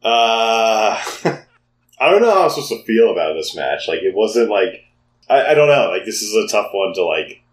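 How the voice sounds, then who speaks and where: A man co-hosting a casual podcast, hesitant and quick to laugh. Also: fairly low pitch, sing-song, echoey room. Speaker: podcast co-host.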